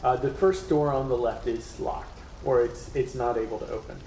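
Relaxed male game master, echoey room. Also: medium pitch, moderate pace, a little hiss or hum. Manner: relaxed, describing scenes with many fillers. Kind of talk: narrating a tabletop game.

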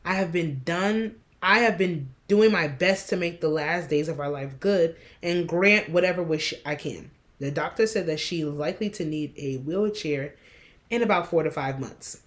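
A woman's voice: sits low, normal speed. A young woman co-hosting a casual podcast, blunt and opinionated, reading posts aloud. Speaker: podcast co-host. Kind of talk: casual chat.

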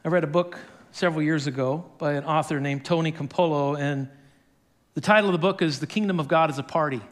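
High-voiced man preaching a sermon. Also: quick pace. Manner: storytelling with acted quotes and chuckles. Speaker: pastor.

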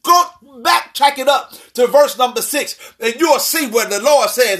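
A man preaching a sermon as pastor, with shouted emphasis and call-and-response to the congregation. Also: very high-pitched, normal speed, hardly any pauses.

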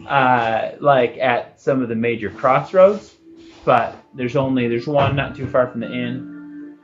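A man narrating as game master of a tabletop game, animated and full of fillers. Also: mid-range voice, measured pace. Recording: dull lo-fi recording, faint music.

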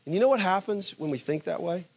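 A man with a high-pitched voice preaches a sermon, pressing his point with rhetorical questions. He swings from loud, emphatic bursts to hushed, quiet asides. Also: animated, quick pace, slightly rough. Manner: asks the audience rhetorical questions. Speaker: pastor.

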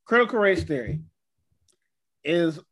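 A man's voice: fairly high pitch, animated, a little slow, fairly bright tone. A man in a casual podcast chat, talking bluntly and crudely with plenty of swearing.

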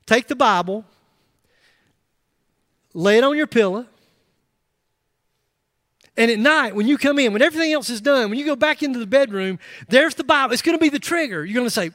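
A middle-aged man with a high-pitched voice preaches a sermon to his congregation. He talks emphatically, climbing into loud bursts and dropping in joking asides. His voice is picked up close and dry. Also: animated, brisk, pauses often, dry recording. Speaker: pastor.

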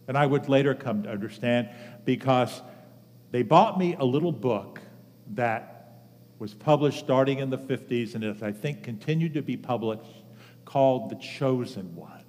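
A man in his seventies giving a sermon as pastor, telling a personal story earnestly with measured pauses. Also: medium pitch, a little mellow. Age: 70s. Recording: long reverb of a large hall.

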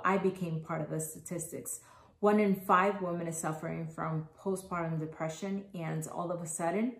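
A woman in her thirties hosting a podcast, speaking candidly and earnestly about her own experience. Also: low voice. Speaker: podcast host. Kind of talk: personal podcast monologue. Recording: echoey room.

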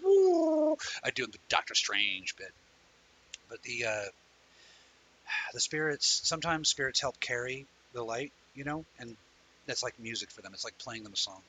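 A man's voice: mid-range voice, fairly quick, bright, forceful tone, husky, rough recording. A man hosting a live online talk show, chatting in a rambling way and telling stories animatedly to viewers he greets by name. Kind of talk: casual livestream chat.

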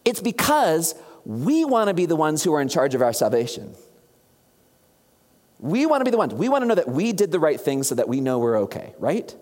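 A preacher delivering an animated sermon, asking the congregation questions directly. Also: medium pitch, fairly quick. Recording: long hall reverb.

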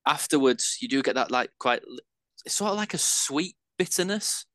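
Medium in pitch with lively intonation, his voice is bright and forceful at a normal speed, with no room sound. He co-hosts a casual beer podcast as a home brewer, rambling self-deprecatingly about brewing and leaning on fillers.

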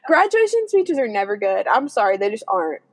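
A woman's voice: medium pitch, very animated, brisk. A young woman co-hosting a casual chat, talking freely and slipping into exaggerated voices when quoting people. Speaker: podcast co-host.

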